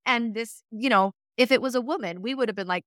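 A woman telling a story casually in a conversation, lively and laughing as she acts out the quoted texts. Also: a little high, quick pace, dry recording, clean studio sound.

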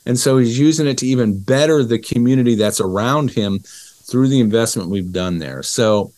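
Animated storytelling man, dry sound. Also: medium pitch, moderate pace, no echo. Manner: animated storyteller who acts out dialogue. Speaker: interview guest, business educator. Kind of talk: conversational interview storytelling.

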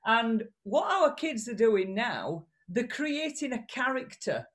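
A woman's voice: a little high, takes it slowly. A woman with a regional British accent, a communication coach speaking as a guest in a casual interview over a video call, blunt and chatty. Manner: animated, blunt, chatty with restarts.

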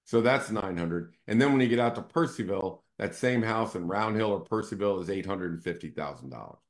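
Low-voiced man explaining market charts. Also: expressive, brisk. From Northern Virginia area. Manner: talks through charts, frequent "right?" check-ins. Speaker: real estate team CEO and show host. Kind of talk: casual explanatory market talk.

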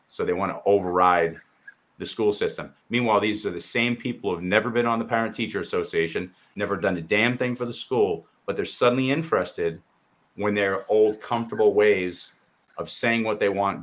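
Man, very deep voice, blunt, impassioned, swears freely, co-host on a talk stream. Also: a bit bright. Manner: blunt and impassioned, swears freely, mimics others in quoted asides. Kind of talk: heated casual discussion.

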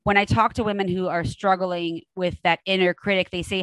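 A woman's voice: lowish voice, flat delivery, moderate pace, no room sound, rough recording. A middle-aged woman hosting a podcast interview, enthusiastic and affirming in a conversational way. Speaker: podcast host.

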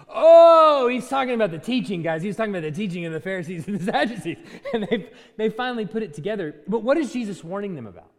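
A man preaching a lively sermon who acts out little voices and laughs along the way. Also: high-pitched, fast talker, in a large hall. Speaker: pastor.

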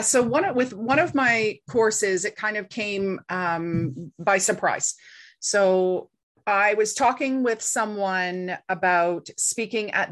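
A middle-aged woman, a guest in an interview, telling a story in a casual way and acting out the voices she quotes. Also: medium pitch. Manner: animated, acts out quoted voices.

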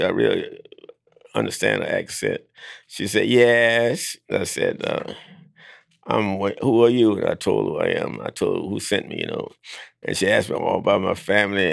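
A man, telling his life story as a guest in a halting way with restarts. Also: sits low, no echo. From Alabama. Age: 90s. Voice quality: gravelly. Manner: halting, with restarts and repeated words.

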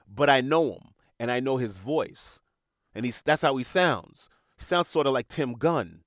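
A man's voice: medium pitch, lively intonation, a little slow, dry recording, studio quality. A man hosting a podcast, talking in an earnest, reflective monologue and repeating words as he searches for them. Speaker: podcast host.

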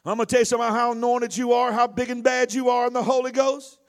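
A man preaching a sermon, swinging between loud, sing-song shouting and quick, quieter asides to the congregation. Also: very high voice, little pitch movement.

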